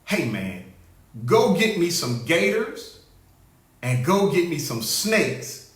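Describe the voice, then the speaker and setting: A man putting on the voice of a blustering, scheming older male president, low and drawling. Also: very animated, slow pace. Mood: offhand. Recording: roomy echo.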